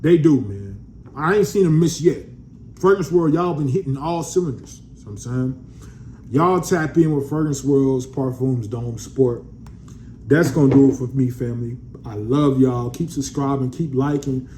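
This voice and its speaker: A man's voice: mid-range voice, moderate pace, mellow, slight background noise. A man in a casual vlog reviewing a fragrance, laid-back and slangy, calling his viewers family.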